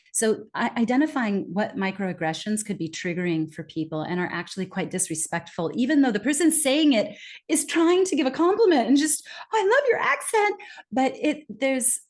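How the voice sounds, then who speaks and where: Lively woman explaining in an interview. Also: medium pitch. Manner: lively, acts out quoted remarks with laughs. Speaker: guest speaker on communication.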